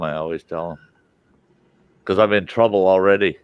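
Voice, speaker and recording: Older host, folksy yarn-spinner, low and dry. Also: male voice, steady tone, moderate pace, clear, resonant tone, dry recording, muffled recording. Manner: folksy storyteller, laughs a lot. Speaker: livestream host. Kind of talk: casual chat.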